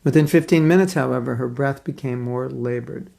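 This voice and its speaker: A man giving a devotional class, reading a story aloud and commenting on it in an earnest, expressive storytelling manner with pauses. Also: mid-range voice, creaky. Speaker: spiritual teacher giving a class.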